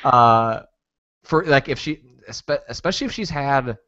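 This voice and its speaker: A man's voice: medium pitch, animated, a little slow, bright, forceful tone, no room sound. A man hosts a casual podcast chat and rambles through his points with hesitations. His voice sits in a middle range. The sound is dry and slightly muffled. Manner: rambling, hesitant, lots of restarts. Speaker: podcast host.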